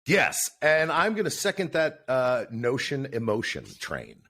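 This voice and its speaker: A man's voice: medium pitch, wildly swooping pitch, unhurried, bright, forceful tone. A man hosting a podcast in casual chat, joking in a goofy way with many fillers. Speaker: podcast co-host.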